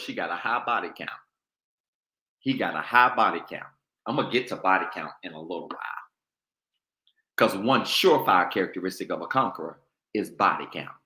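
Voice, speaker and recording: A man's voice: low-pitched, pushed and bright, echoey room. A man preaching a sermon, calling on his congregation to talk back to him. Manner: call-and-response preaching, goading the congregation. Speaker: pastor.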